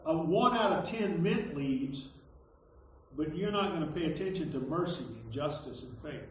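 A pastor preaching a conversational sermon, stumbling over and repeating words, then landing emphatic points. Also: male voice, fairly high pitch, expressive, moderate pace, distant mic. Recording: echoey hall, dull lo-fi sound.

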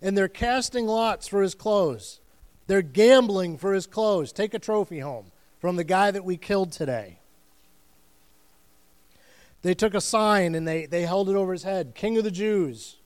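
A man's voice: sits high, lively intonation, a little slow, darkish tone, clear, resonant tone. A man preaching a sermon as pastor, telling the story in earnest and vivid detail and repeating phrases for weight.

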